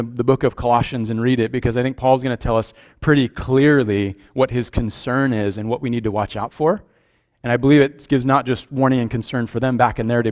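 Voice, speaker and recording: A man's voice: mid-range voice, darkish tone. Man, pastor, conversational sermon delivery, earnest and questioning, mid-range voice.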